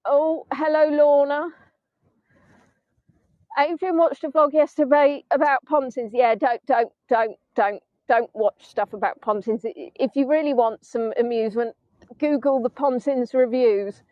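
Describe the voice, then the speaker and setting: A middle-aged woman with a high, bright voice, rambling cheerfully to her online viewers. She hosts a live tour outdoors in the dunes. The sound is dull and close, like a phone stream. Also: steady tone, unhurried, no room sound. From England. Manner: chatty, self-mocking, breaks into snatches of song. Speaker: virtual tour guide. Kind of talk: casual live-stream chat. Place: outdoors in sand dunes by the sea.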